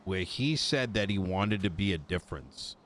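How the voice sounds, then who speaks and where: Casual roleplaying man with a low, animated delivery. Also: normal speed, slight background noise. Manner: casual, laughs easily, asks "you know what I mean". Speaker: streamer playing a roleplay character. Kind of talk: casual in-character roleplay chat.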